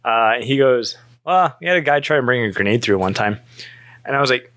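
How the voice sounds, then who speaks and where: A man in his thirties telling a story in casual chat, animated, cursing freely and acting out both sides of the conversation. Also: medium pitch, normal speed, no room sound. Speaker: podcast guest.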